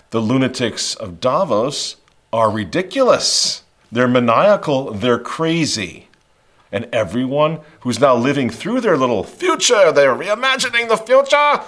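A man delivers opinionated commentary with a lively, swooping voice, jumping up and down in pitch as he mocks his targets. His tone is animated and sarcastic, and he acts out other people's lines as he goes. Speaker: commentary host.

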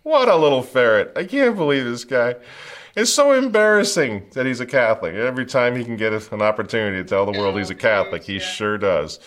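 A man's voice: mid-range voice, sing-song, fairly quick, fairly bright tone, a little hiss or hum. A man hosting a political commentary show, fiery and sarcastic, with mocking chuckles.

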